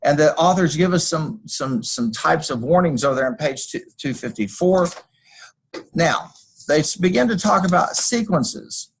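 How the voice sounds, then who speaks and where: A man's voice: fairly high pitch, animated, normal speed, slightly rough, rough recording. A man teaching a class over a screencast, walking through code and drifting into folksy personal stories. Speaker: college instructor. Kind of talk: screencast lecture.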